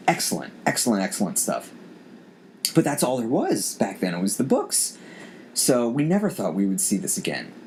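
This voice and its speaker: In a fairly low, darkish voice, a man in his forties hosts a casual podcast, rambling and restarting many times as he thinks aloud. Faint background noise is present.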